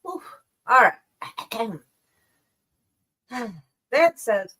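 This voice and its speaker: A woman does casual live-stream news commentary, reading articles aloud and reacting with profane sarcasm and lots of laughter while she rolls and smokes cigarettes. Her voice is lowish, expressive and fairly bright, at a moderate pace.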